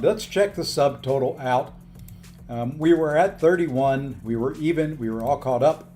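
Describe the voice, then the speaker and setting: A man's voice: mid-range voice, unhurried, mellow, soft background music. A tired, upbeat man live-streaming a video game, chatting casually and thanking viewers by name as he plays.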